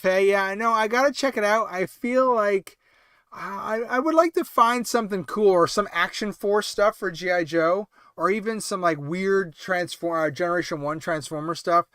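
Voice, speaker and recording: Livestream host, man, late-night casual chat, tired and rambling, high-pitched, smooth clear voice, dry close sound. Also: fairly bright tone, dry recording. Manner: rambling, halting, many fillers and restarts. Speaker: toy collecting livestream host.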